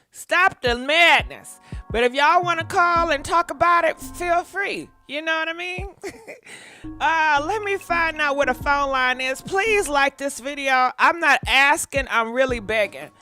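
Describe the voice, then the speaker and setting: Sassy high-voiced woman gossip host. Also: sharp tone. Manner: sassy, laughing, talks back at celebrities. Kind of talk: casual live gossip commentary.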